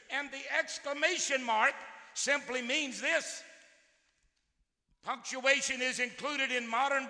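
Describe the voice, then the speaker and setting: A man preaches in a very high, piercing, sharp voice. Long reverb trails off each phrase in a big hall. He drops to near-murmurs, then bursts into shouts, and he repeats words as he goes. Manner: swings from quiet musing to shouted outbursts. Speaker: pastor. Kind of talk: sermon.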